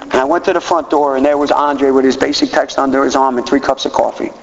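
A man telling a personal recovery story to a meeting in animated storytelling, often repeating his words. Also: mid-range voice, fast, vocal fry, slight background noise. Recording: echoey hall, dull lo-fi sound.

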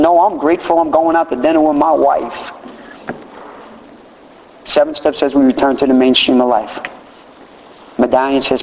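A middle-aged man gives a candid, plainspoken share at a recovery meeting, his voice at an ordinary pitch for a man. The sound is dull and lo-fi, with a long reverb from a big hall and a faint hiss underneath. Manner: animated, acts out quotes in a raised voice. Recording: roomy hall, dull lo-fi audio.

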